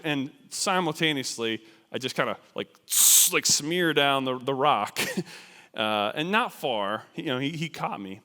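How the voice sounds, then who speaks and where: Bright animated man in church reverb. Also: mid-range voice, a little slow. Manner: animated, self-deprecating storytelling with frequent fillers. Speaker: missionary speaker. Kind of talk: storytelling sermon. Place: large church sanctuary.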